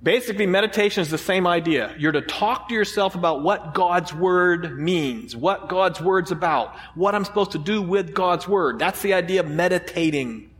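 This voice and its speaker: A pastor with a high voice preaches to his congregation in a loose, conversational way, throwing out rhetorical questions as he goes. His voice rings with the long reverb of a church hall. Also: normal speed, few pauses, a bit bright. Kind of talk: sermon.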